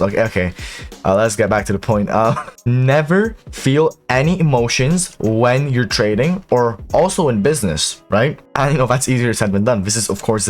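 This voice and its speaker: A young man giving a brash, casual trading tutorial, swearing often and talking straight to viewers. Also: medium pitch. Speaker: crypto trading YouTuber. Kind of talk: casual profane tutorial monologue.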